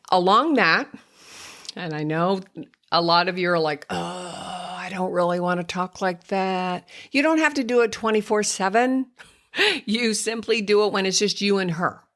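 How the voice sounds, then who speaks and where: An older woman, a speech therapist hosting a podcast, patiently explaining to parents how to help toddlers speak clearly. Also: lowish voice, fairly bright tone. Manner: patient, explanatory, slips into exaggerated child-directed speech when modeling. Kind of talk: instructive podcast talk to parents.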